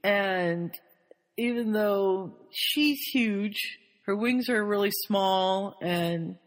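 A woman's voice: mid-range voice, drawn-out words. A woman host in casual chat, animatedly recapping a story, laughing often and slipping into quoted voices. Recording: long hall reverb.

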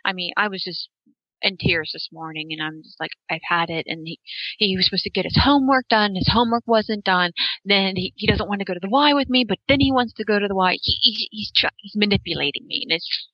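A woman in casual chat venting as a mother, acting out quotes in a lively, exasperated way. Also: medium pitch, fairly quick, dry recording, muffled recording. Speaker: parent.

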